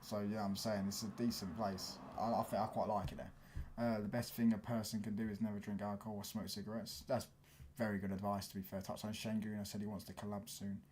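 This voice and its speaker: Slangy London lad, low voice. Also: male voice, level tone, fast talker, darkish tone, a little hiss or hum. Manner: casual slangy, keeps asking "do you get what I'm saying". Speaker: football live streamer. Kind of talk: live stream chat reading comments.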